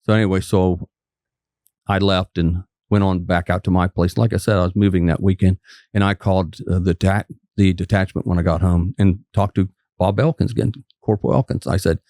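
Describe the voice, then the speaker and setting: A man's voice: sits low, steady tone, fairly quick, mellow, no room sound, clean studio sound. An older man from West Virginia, a former trooper turned physician, telling folksy stories as a guest and acting out the quotes. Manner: folksy anecdote teller, acts out quotes. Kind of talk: casual storytelling interview.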